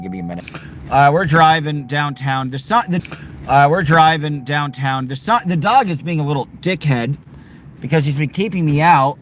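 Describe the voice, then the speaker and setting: A man's voice: on the high side, a bit bright, a little hiss or hum. A man rambling to his live-stream chat while driving, sarcastic and joking. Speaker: livestreamer. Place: in a car, driving.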